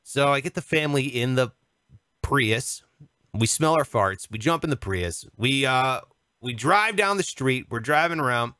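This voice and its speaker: A man's voice: medium pitch, animated, unhurried, sharp tone, no room sound, clean studio sound. A man in his thirties co-hosting a podcast, telling a comic anecdote in casual chat and acting out the voices of the people in it. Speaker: podcast co-host.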